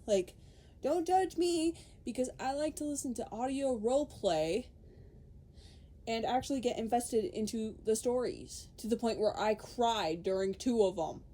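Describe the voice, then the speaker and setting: A woman's voice: on the high side, unhurried, mellow. A young woman podcaster ranting in casual chat, swearing freely, laughing and quoting people in put-on voices.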